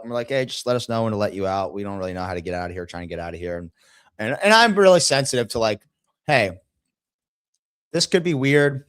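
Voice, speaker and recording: A man's voice: mid-range voice, no echo, clean studio sound. A man telling a long story in casual chat, swearing often and acting out the voices of the people in it. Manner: profane, acts out the voices of others in his story.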